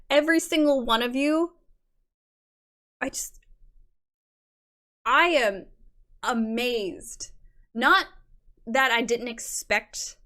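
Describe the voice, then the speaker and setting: A young woman hosts a livestream, chatting casually with her viewers, reading the chat aloud, and gushing effusively over their work. Her voice is medium in pitch and a little bright.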